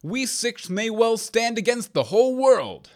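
A man's voice: very high voice, sing-song, measured pace, darkish tone, voice pushed up, full character voice. A man reading a fairy tale, voicing a bold discharged soldier who leads a band of six with emphatic lines. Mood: rousing.

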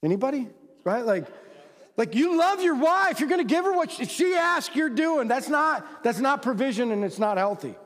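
A pastor preaches a sermon to men in a casual, conversational style, recorded with long hall reverb. He throws rhetorical questions at the crowd and acts out quoted voices with big pitch swings.

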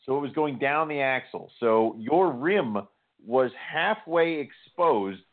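A man's voice: mid-range voice, animated, takes it slowly. A man in casual chat who laughs a lot and swears freely while chiming into a story. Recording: tinny phone-like sound.

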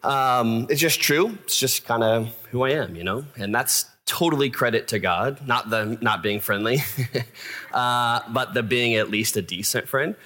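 A man's voice: mid-range voice, unhurried, sharp tone. A man preaching a casual, self-deprecating sermon to his church, with fillers and asides. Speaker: pastor.

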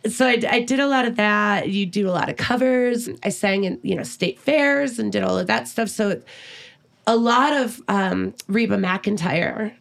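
Gravelly, blunt middle-aged woman. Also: mid-range voice, normal speed. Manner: blunt, profane and laughing often. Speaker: musician guest. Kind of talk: casual interview chat.

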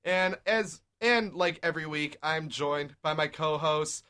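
A young man hosting a casual sports talk show, upbeat and leading the conversation with quick game recaps. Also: a little high, bright, forceful tone, clear, resonant tone. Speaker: podcast host.

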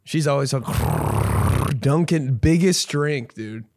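A man hosting a comedy podcast, ranting casually with lots of swearing, rambling restarts and sudden loud mocking voices. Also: mid-range voice, animated, slow, noisy background.

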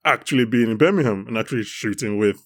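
A man's voice: on the low side, fast talker, a bit bright. Casual male podcast host. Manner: casual, filler-heavy questioning. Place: pub.

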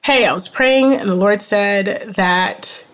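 A woman in her thirties speaks as a podcast guest and shares her own story with candor. She is reflective and earnest, and her talk is loose and conversational, full of "you know" and "like". Her voice sits at an ordinary middle pitch for a woman. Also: slow pace, a bit bright. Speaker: guest, trauma counselor. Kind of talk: candid personal storytelling in a podcast interview.

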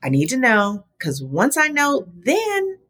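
A middle-aged woman, a small business advocate appearing as a podcast guest, tells a personal story in casual chat. She speaks slowly but animatedly, and her voice leaps high whenever she quotes her own reactions.

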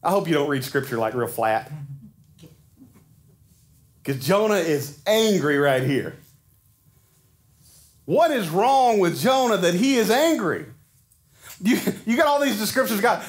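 A man's voice: high-pitched, expressive, moderate pace, long pauses. A man preaching a sermon in a conversational way, often putting rhetorical questions to his congregation. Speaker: pastor.

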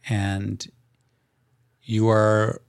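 A man narrating a tabletop game as game master in a calm, descriptive way. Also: lowish voice, drawn-out words, creaky, clear, resonant tone, no room sound, studio quality.

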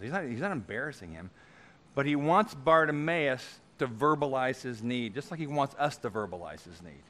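A man preaching a sermon. He swings between loud, emphatic preaching and quiet, offhand asides, and he thinks aloud in a conversational way. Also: mid-range voice, slight background noise. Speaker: pastor.

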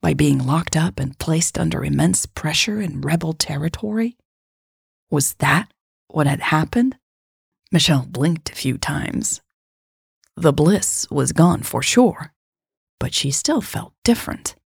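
Low, husky woman reading a story. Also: expressive, unhurried, dry recording, clean studio sound. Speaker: narrator. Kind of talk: scripted story narration.

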